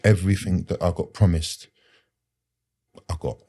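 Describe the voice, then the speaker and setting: A man's voice: deep voice, steady tone, moderate pace, dark tone, breathy edge. A man, a podcast guest telling his personal story in an earnest, rambling way with street slang and lots of fillers.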